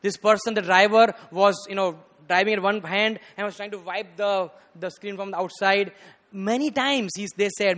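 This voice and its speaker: A man preaching a storytelling sermon, animated and rising to loud bursts, often saying "you know". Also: high-pitched, normal speed. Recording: reverberant hall.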